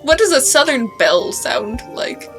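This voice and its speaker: A woman's voice: high voice, big pitch swings, moderate pace, faint music behind. A woman streaming a story game, reading its dialogue aloud and chatting with a friend, laughing often. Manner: giggly, does character voices. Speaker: streamer voicing a visual novel.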